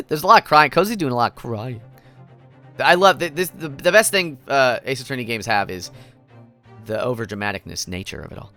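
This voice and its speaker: A man's voice: mid-range voice, lively intonation, brisk, pushed and bright, faint music behind. A man streaming a courtroom video game, in playful, goofy casual commentary as he reacts to his chat.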